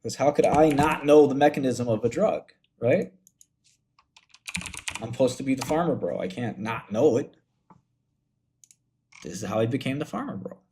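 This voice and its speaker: A man with a low, mellow voice hosts a casual finance livestream, clicking through research as he talks. His storytelling is loose and full of slang, and he calls his listeners "bro."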